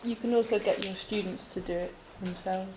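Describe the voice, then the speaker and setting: A woman's voice: medium pitch, fairly even intonation, moderate pace. A woman at a teacher workshop, adding a plain remark from the audience. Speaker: workshop participant. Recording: echoey room, background noise.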